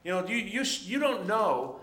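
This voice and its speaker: A man's voice: high-pitched, very animated, moderate pace, a bit bright, pitched above the performer's own voice. A man voicing a towering, mocking giant warrior who taunts a boy, in a roomy echo. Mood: scornful. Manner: taunting, dismissive.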